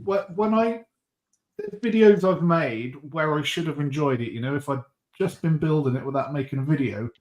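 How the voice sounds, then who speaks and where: A man's voice: on the high side, moderate pace, a little mellow. Man, Norfolk accent, stream host, easygoing chat, roomy echo. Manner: easygoing, swears casually. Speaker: host of a live modelling stream. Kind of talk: casual chat.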